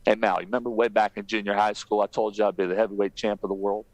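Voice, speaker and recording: A determined young boxer, as a man imitates him. He speaks in a lower, quieter register than the storyteller's own voice, steady and earnest, with a dry, close sound. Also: fast talker, dry recording, close to an everyday voice, low-quality recording. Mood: hushed. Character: young male boxer friend, driven and determined.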